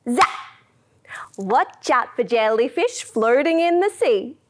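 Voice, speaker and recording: A young woman leading a preschool music lesson, slow and encouraging, dropping to a whisper for the quiet parts. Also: fairly high pitch, sing-song, noisy background.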